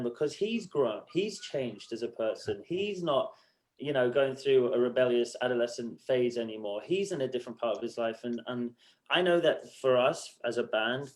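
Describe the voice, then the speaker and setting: A man's voice: mid-range voice, moderate pace. Man animatedly telling stories. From United Arab Emirates. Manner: animated storyteller, acts out quotes, swears freely. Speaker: musician guest. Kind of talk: casual podcast interview.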